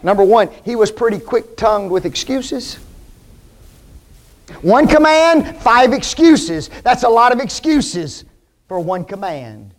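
A man with a strikingly high voice delivers a sermon. He leans hard on his points and keeps asking the congregation rhetorical questions. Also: sing-song, slow. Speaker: preacher.

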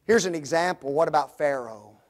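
A male preacher delivering a sermon, using rhetorical questions and dropping into quiet, dramatic pauses. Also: a little high.

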